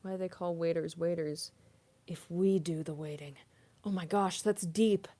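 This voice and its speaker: A woman's voice: on the low side, fairly even intonation, measured pace, dark tone. A young woman, a voice actress, chatting casually on a live stream, giggling often and cooing at her cat.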